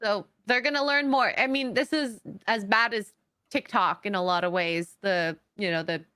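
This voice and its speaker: A woman's voice: medium pitch, moderate pace, pushed and bright, clear, resonant tone, no echo, studio quality. A woman co-hosting a casual podcast chat, chatty and laughing often, trailing off mid-sentence. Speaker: co-host.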